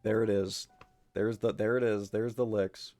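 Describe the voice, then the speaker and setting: A man's voice: on the low side, flat delivery, normal speed, warm tone, faint music behind. A man streaming live, chatting casually with viewers in a rambling way, full of fillers, frequent swearing and easy laughs. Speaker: livestreamer.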